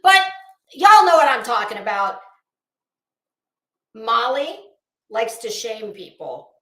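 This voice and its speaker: Lady streamer dishing gossip, high voice, sarcastic, lots of laughs. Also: big pitch swings, slow pace, a bit bright, roomy sound. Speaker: YouTube commentary host. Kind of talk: casual live-stream chat reading comments.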